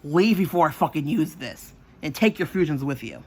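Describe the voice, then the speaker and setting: A man voicing a furious young woman who yells curses and threatens a housemate. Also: a little high, expressive, normal speed, a little hiss or hum, voice pushed up, natural voice. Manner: yelling, cursing.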